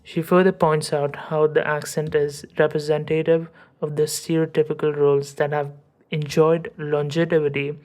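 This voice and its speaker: Low, even-voiced woman reading an essay. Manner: measured, academic reading. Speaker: podcast host.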